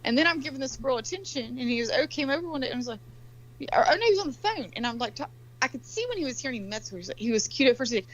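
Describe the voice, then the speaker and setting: A woman telling stories in casual chat, animated and swearing freely as she acts out quotes. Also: a little high, rapid-fire, slightly rough, rough recording. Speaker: guest.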